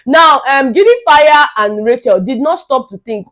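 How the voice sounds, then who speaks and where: A woman's voice: high voice, moderate pace, hardly any pauses. A young woman with a Nigerian accent gives a casual gossip recap, mixes in pidgin, and acts out what others said. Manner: animated, mixing in pidgin, acting out quotes. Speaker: vlogger recapping a reality show.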